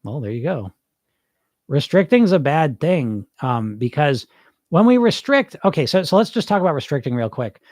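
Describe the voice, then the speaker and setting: A man's voice: a little high, big pitch swings, normal speed, darkish tone, no room sound, clean studio sound. A middle-aged man who coaches weight loss, talking informally and bluntly on a podcast, asking his listeners rhetorical questions. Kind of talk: live podcast talk answering listeners.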